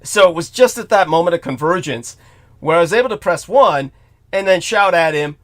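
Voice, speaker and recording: Speaking fairly quickly in an animated, somewhat high voice, this male talk show host launches into a ranting story. He's profane and exasperated, lurching from muttering to sudden outbursts.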